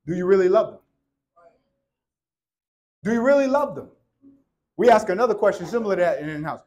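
Male church preacher, thirties, bright high voice, jokes and shouts. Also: low-quality recording. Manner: animated, joking, swings from shouting to hushed. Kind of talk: sermon.

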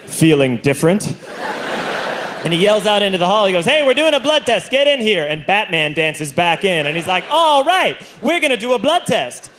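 A man doing a stand-up comedy set, telling stories in an animated way and acting out other people's voices, recorded live on stage. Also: high voice. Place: comedy stage with a laughing audience. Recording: live show with audible audience noise.

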